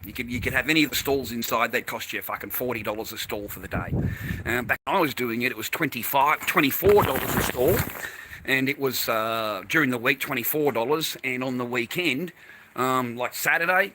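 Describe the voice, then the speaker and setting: A man's voice: medium pitch, lively intonation, brisk, sharp tone, slight background noise. Rambling, swearing Australian man. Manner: swears a lot, tells stories with repeated phrases. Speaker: vlogger. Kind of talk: casual rambling monologue.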